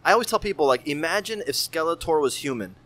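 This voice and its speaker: A man in his thirties, a guest on a casual podcast, telling stories in an animated, profane, slangy way. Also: a little high, fast talker. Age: 30s. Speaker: guest artist.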